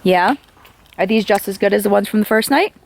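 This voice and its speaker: A woman chatting casually with her family at a campsite and telling a ghost story, in an animated way. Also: medium pitch, fairly quick, rough recording. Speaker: vlogger mom. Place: campsite outdoors.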